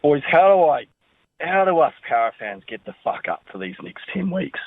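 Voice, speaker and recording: A man's voice: a little high, very animated, normal speed, dry recording. Glum New Zealand man on a phone line. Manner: glum, candid, swearing. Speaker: caller. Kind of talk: phoned-in voice message.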